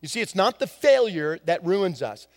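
A man preaching a sermon as a pastor, swinging from hushed lines to emphatic ones. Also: high voice, sing-song, normal speed, in a large hall. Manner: dramatic shifts from hushed to emphatic.

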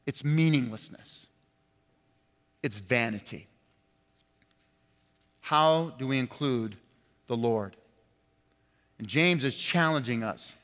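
Impassioned preacher in a reverberant hall. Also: male voice, animated, slow, pauses often. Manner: impassioned preaching, swinging from loud emphatic highs to quiet low stresses. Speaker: pastor. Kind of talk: sermon. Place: church sanctuary.

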